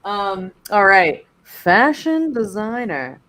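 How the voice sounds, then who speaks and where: A woman's voice: medium pitch, very animated, slow pace, fairly bright tone. A woman in casual chat, reading out the next matchup with short, laid-back remarks. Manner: laid-back, short replies, reads out options.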